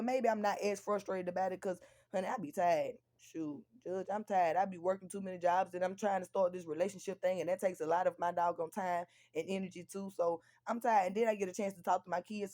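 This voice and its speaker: A young woman venting on a live stream, profane and confrontational, going from tired and quiet to loud and angry. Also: medium pitch. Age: young adult. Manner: drops to weary, quieter stretches. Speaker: livestreamer. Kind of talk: heated live-stream rant.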